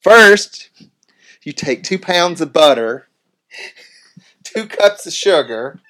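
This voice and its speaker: A man doing a loud Southern woman who hosts a cooking show, with a drawling American Southern accent. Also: fairly high pitch, expressive, takes it slowly, pitched above the performer's own voice, exaggerated voice. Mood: hammy.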